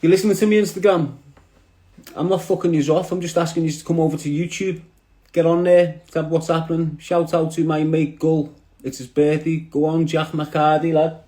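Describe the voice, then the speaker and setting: Scouse guy on insta live, rambly street slang, mellow voice, echoey room sound. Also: on the high side, little pitch movement, normal speed. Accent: Liverpool. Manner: rambling, streetwise slang, addresses viewers directly. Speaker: livestream host. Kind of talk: casual livestream chat.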